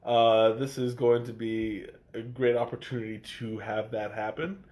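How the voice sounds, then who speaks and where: On a casual live stream, a man tastes tea and chats in a congested voice, hesitating with plenty of fillers and false starts. His pitch is medium and mostly level, his pace moderate, and his tone slightly mellow.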